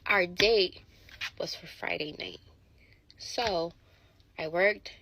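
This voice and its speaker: Woman, lower register, casual storyteller. Animated and profane, acts out the quotes. Faint noise under the voice. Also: takes it slowly.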